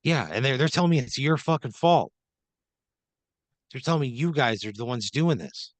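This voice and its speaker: A man co-hosting a comedy podcast, complaining in an exasperated, profane deadpan. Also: medium pitch, normal speed, no room sound. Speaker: podcast co-host. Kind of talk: improvised comedy.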